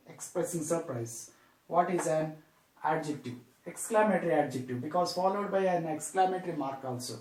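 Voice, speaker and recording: A man from India teaching an English grammar lesson, repeating each example slowly and stressing the key words. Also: on the high side, lively intonation, a little mellow, a little hiss or hum. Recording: roomy echo, distant from mic.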